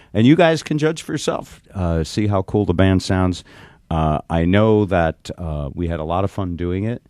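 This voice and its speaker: A man's voice: low voice, no echo, studio quality. A man hosting a radio show in casual chat, prompting his guest and wrapping up with promos. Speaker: radio host.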